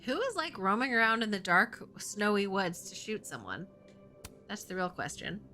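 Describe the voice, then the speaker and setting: A woman's voice: medium pitch, sing-song, moderate pace, bright, forceful tone, soft background music. A young woman streaming a game, giving casual, chatty commentary with jokey asides.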